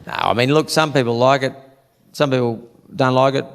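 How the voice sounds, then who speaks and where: A man's voice: mid-range voice, fairly even intonation, moderate pace, smooth. An Australian man doing a stand-up comedy routine, telling a brash, profane story and acting out what people said. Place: live comedy venue. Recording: echoey venue with audience laughter. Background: audience laughing.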